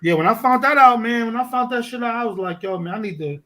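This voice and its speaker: A man from Brooklyn, a podcast guest telling a profane street story in a lively, animated way. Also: extremely high pitch, fast. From Fort Greene, Brooklyn. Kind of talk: casual storytelling.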